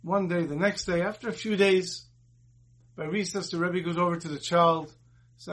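Male rabbi, higher husky voice, earnest sermon with storytelling. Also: normal speed, a bit bright. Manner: earnest, retells dialogue in the story. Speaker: rabbi giving a Torah talk.

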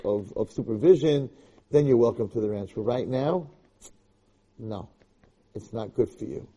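A man with a very dark, mellow voice and a husky edge, teaching as a rabbi. He speaks with passion and emphasis, often repeating himself and restarting his sentences as he drives each point home. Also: medium pitch, lo-fi sound. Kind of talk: Torah lecture.

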